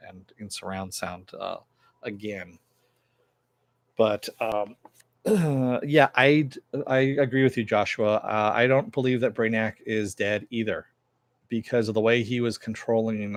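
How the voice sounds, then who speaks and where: A man's voice: on the low side, measured pace, no room sound. A man reviewing a TV episode in a casual recap, rambling with lots of fillers and some swearing.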